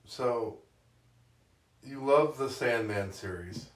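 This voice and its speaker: A man's voice: medium pitch, slow, distant mic. Podcast co-host, man, casual and profane, a bit off-mic, roomy sound. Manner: casual, profane, asks questions. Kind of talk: casual chat.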